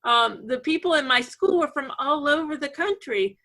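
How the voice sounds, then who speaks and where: A woman from Georgia hosting a casual group chat on a video call, telling stories in a chatty, animated way. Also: high voice, normal speed, low-quality recording. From Savannah, Georgia, USA. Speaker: host.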